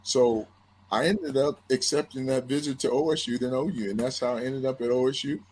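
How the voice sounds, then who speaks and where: A man, a former football player, telling a story as a podcast guest in a lively, animated way, often repeating his words as he starts a sentence. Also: medium pitch, fairly quick, husky. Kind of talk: casual storytelling.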